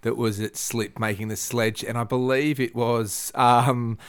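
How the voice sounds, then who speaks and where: A man's voice: mid-range voice, little pitch movement, a little slow, clean tone. A man, a regular on a podcast, who laughs often and answers with banter. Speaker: podcast panelist. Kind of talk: casual chat.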